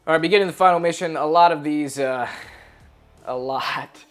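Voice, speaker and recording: A man in his thirties in casual chat, telling behind-the-scenes stories in an animated way and acting out quotes. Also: fairly high pitch, moderate pace, soft background music. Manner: animated storyteller, acts out quotes loudly.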